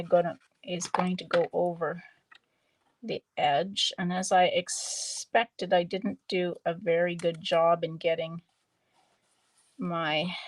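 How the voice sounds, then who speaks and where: A woman demonstrating card-making on a live stream, chatting slowly and thinking aloud as she works. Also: mid-range voice, a little hiss or hum. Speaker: stamping demonstrator.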